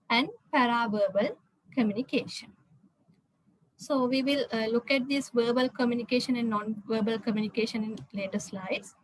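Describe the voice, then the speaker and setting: A woman with a high voice gives a recorded slide lecture. She pauses often on "uh" and restarts words midway, keeping an explanatory classroom tone. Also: low-quality recording. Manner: hesitant, frequent "uh" fillers and restarts.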